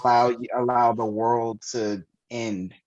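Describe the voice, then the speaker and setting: Podcast co-host, relaxed chatty voice, muffled lo-fi sound. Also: mid-range voice, takes it slowly. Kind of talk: casual chat.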